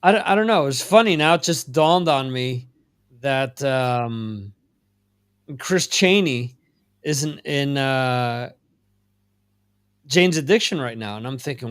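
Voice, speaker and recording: A man from the United States hosting a casual music chat podcast, relaxed and unhurried, with lots of fillers and restarts. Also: a little high, clear, resonant tone. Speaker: podcast host.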